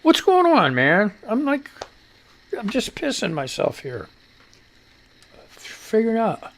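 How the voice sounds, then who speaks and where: Gravelly and fairly bright, this man's high-pitched voice swings hugely in pitch as he talks at a slow pace. He hosts a live show, rambling casually, swearing, joking at his own expense, and a little breathless.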